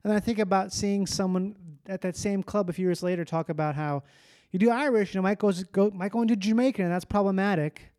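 High voiced comedian guy chatting, wry and quick, dry close sound. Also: a little mellow, no room sound. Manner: quick, wry, riffing on bits. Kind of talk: casual chat.

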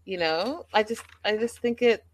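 A woman of medium pitch talks at a moderate pace while hosting a livestream. It's a casual recap, full of chatty gossip aimed directly at her audience.

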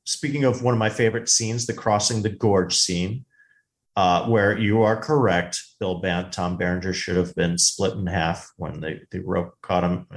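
This podcast co-host has a low-pitched voice and keeps a moderate pace. On a casual movie show, he tells stories with animated enthusiasm.

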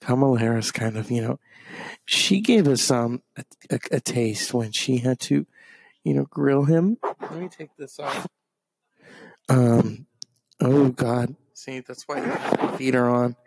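A man's voice: mid-range voice, measured pace, creaky, a little mellow, husky, no echo. A man doing a profane, rambling comedic rant that is full of fillers and restarts. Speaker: comedic commentator.

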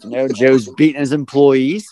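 A man's voice: medium pitch, moderate pace, warm tone, dry recording, rough recording. Man casually recapping a film. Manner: loose, profane plot summarizing. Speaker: podcast host.

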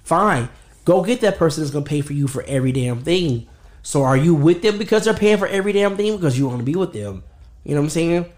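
A man's voice: on the high side, expressive, fast talker, a little mellow. A man giving blunt, opinionated views in a casual podcast chat.

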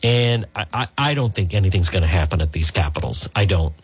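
A man with a slightly husky voice hosts a talk radio show. He speaks in an emphatic, conversational way, with pitch that swings up and down and frequent fillers and restarts. The sound is dry and close, with no room around it. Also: expressive, brisk, dry recording. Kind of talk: opinionated talk radio commentary.

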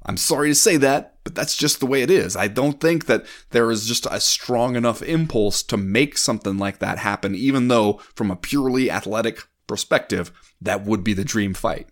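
A low-voiced man chats on a sports podcast. He takes his time and reasons aloud, giving careful, measured opinions. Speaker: podcast co-host. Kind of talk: casual sports podcast chat.

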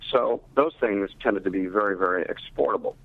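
A man's voice: lowish voice, vocal fry, no echo. Man on a tinny phone line. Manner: thoughtful, explanatory, measured. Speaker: literacy researcher and teacher. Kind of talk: interview over phone.

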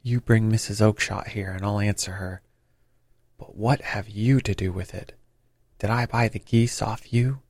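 A man voicing a surly market salesman who talks gruffly and blusters. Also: on the low side, steady tone, a little slow, a little mellow, dry recording. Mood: angry.

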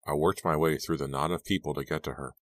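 A man reading a first-person story as an audiobook narrator, steady and measured. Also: very deep voice, dry recording.

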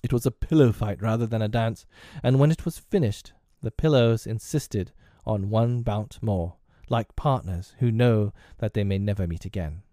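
A man reading a classic children's story aloud with expressive, lilting narration. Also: lowish voice, normal speed, few pauses, no echo, clean studio sound.

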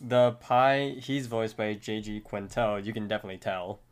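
A man's voice: lowish voice, normal speed, clean tone. A man co-hosting a podcast, steadily retelling a cartoon episode scene by scene in casual talk. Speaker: podcast co-host. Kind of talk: casual recap narration.

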